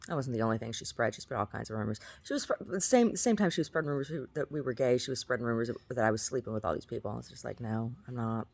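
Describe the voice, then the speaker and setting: A woman's voice: extremely low pitch, animated, rapid-fire, gravelly, few pauses, a little mellow. A middle-aged woman telling rambling stories to her camera, laughing and repeating herself as she goes. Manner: rambling, laughing, self-mocking storyteller; repeats words and restarts often. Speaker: vlogger. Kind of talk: casual monologue to camera.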